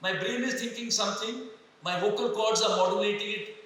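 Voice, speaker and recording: An older man with an Indian English accent delivers a motivational talk to a hall of students, asking them questions and slipping into Hindi now and then. His voice sits high and bright. It comes through the hall's speakers and carries a heavy echo from a distance. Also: brisk. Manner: asks the audience questions, mixes in Hindi phrases. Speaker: retired army general giving a leadership talk. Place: large hall. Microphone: microphone through speakers.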